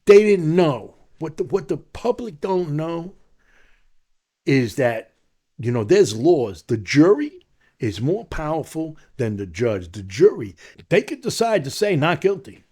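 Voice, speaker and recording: Animated New man telling his story. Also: fairly high pitch, a little slow, breathy edge. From New York. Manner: animated storyteller who acts out other people's lines. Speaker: podcast guest.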